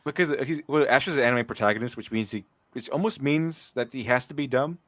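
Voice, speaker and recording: A man's voice: mid-range voice, fast talker, fairly bright tone, no room sound. A man hosting a casual commentary chat, rambling with restarts and a mocking tone. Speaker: podcast host.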